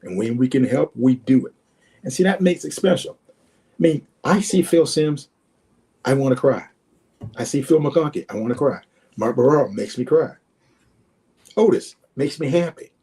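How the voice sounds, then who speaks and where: A man's voice: expressive, normal speed, pauses often, dark tone. A man in his sixties, a former football player as guest, telling heartfelt stories over a video call, repeating words and acting out past conversations. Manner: repeats words, acts out quoted exchanges with rising pitch. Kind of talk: emotional storytelling.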